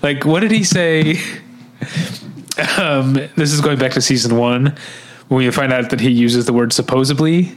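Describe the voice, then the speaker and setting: A man's voice: medium pitch, normal speed. Laid-back man co-hosting a chat show. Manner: laughs often, quotes scenes in put-on voices. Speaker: podcast co-host. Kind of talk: casual chat.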